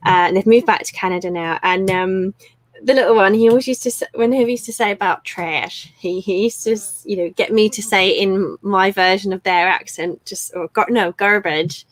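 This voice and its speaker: A woman's voice: mid-range voice, moderate pace, no room sound, low-quality recording. A woman in her thirties co-hosting a casual live stream from home, chatting in a rambling way with lots of ums. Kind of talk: casual chat.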